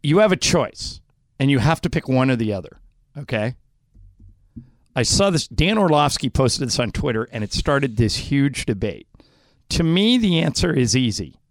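A middle-aged man hosting a radio show, telling stories and tossing out questions in a chatty, animated way. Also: mid-range voice, moderate pace, dry recording, studio quality. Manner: chatty storyteller, animated asides. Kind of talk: casual talk radio banter.

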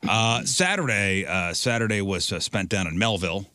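Bright, low-voiced middle-aged man with dry quips. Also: moderate pace, clear, resonant tone, no room sound. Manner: dry quips and short asides. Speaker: radio show co-host. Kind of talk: casual banter.

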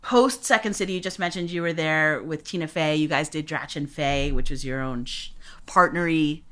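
A woman's voice: low voice, moderate pace, fairly bright tone. A woman hosting a podcast interview, enthusiastic and admiring, laughing easily. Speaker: podcast host. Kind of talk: casual interview chat.

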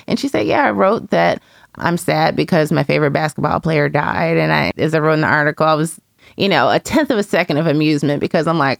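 A woman's voice: low voice, fast, vocal fry, dry recording, clean studio sound. A woman, a parenting columnist, thoughtfully recounting a personal story in a casual podcast conversation. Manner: reflective, storytelling, frequent fillers.

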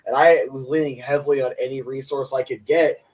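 A man's voice: medium pitch, steady tone, darkish tone, slightly rough. A young man co-hosting a sports podcast, running through stats in an enthusiastic, opinionated way. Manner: enthusiastic, opinionated, quick stat rundowns. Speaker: podcast co-host. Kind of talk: casual sports podcast chat. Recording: voice a bit distant from mic.

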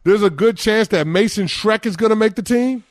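A man co-hosting sports talk radio, animated and playfully indignant during a quiz game, close to a studio mic. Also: high-pitched, normal speed, dry recording. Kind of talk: casual sports radio banter.

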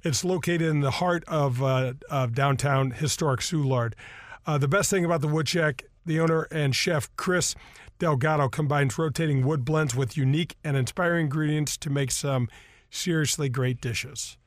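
A golf show host on the radio rambles casually with many fillers, also handling live sponsor reads. His voice sits on the high side at normal speed, recorded through a studio microphone in a radio studio with no echo.

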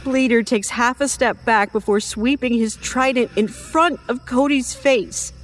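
A woman narrating a first-person horror story in an expressive, measured storytelling manner. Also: fairly high pitch, slight background noise.

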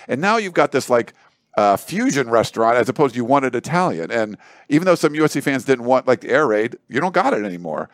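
A man's voice: medium pitch, lively intonation, fast, dry recording. A man giving sports analysis on a panel show, talking in a loose, rambling way with lots of fillers. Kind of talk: casual panel discussion.

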